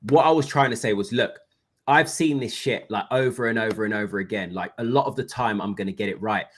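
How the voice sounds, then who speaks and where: A man's voice: lowish voice, fairly quick. A man co-hosting a live trading stream, talking bluntly and informally with some casual swearing. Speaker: trading analyst co-host.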